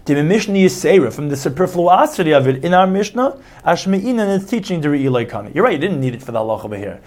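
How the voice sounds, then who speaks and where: A man's voice: a little high, a little mellow. A man giving a Talmud study lecture, explaining step by step, restating each point and acting out the quoted claims. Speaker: Talmud teacher.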